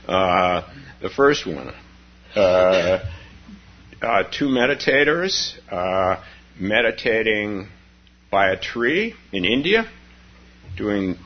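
A man's voice: on the low side, breathy edge. A man teaching meditation on retreat, telling stories in a rambling way with frequent chuckles. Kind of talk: dharma talk on retreat. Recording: dull lo-fi recording.

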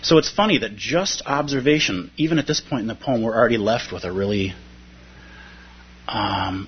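A man's voice: fairly low pitch, a little hiss or hum. A man giving a reflective, conversational dharma talk about a poem, often checking in with his listeners. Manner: reflective, conversational, frequent "right?". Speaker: dharma teacher. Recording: muffled lo-fi talk recording.

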